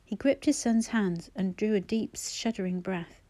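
Audiobook narrator: woman, mellow tone, measured and gentle delivery. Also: medium pitch. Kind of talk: scripted narration.

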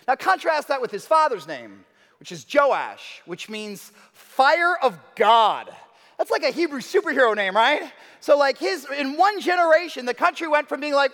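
A man's voice: very high-pitched, brisk. A man preaching a sermon, telling the story casually and acting out the quotes. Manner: conversational, animated storytelling with acted-out quotes. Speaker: pastor. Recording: long reverb of a large hall.

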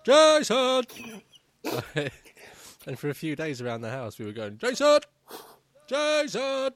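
A man's voice: medium pitch, normal speed, dry recording. A man chatting casually about video games, rambling with many fillers and restarts. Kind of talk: casual gaming chat.

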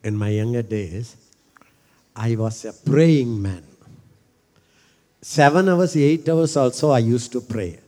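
A middle-aged man preaching a sermon. He repeats his phrases and builds from quiet talk to shouting. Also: mid-range voice, slow, long pauses, long reverb tail.

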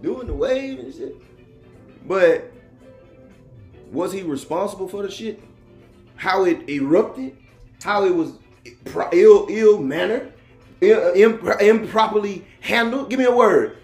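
A man hosts a casual podcast chat, animated and joking, his voice swinging up and down. The room is echoey and music plays underneath him. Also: high-pitched, unhurried, pauses often. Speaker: podcast host.

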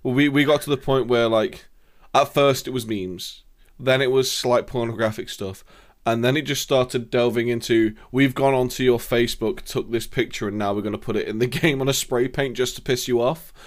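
A man's voice: mid-range voice, steady tone, moderate pace. A young man chats casually about games. He tells long, rambling stories, swearing freely and laughing as he goes. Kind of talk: casual gaming chat.

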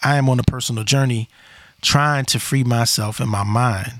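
A man's voice: mid-range voice, normal speed, fairly bright tone, no room sound. Blunt, rambling male podcast host. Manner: blunt, rambling, repeats himself. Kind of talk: casual opinion monologue.

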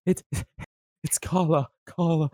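A man hosting a podcast in casual comedic chat, joking around in quick banter with frequent laughs. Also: a little high, steady tone, dark tone, no room sound. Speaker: podcast host.

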